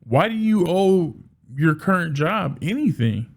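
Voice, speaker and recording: A man giving casual solo commentary as a sports fan, animated, often restarting and repeating words. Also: sits high, measured pace, gravelly.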